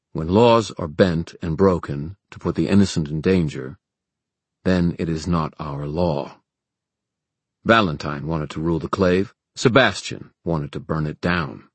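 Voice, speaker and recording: A man's voice: low voice, lively intonation, normal speed, breathy edge, no room sound. A male narrator voicing an earnest, persuasive young male leader in an audiobook. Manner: earnest, rhetorical.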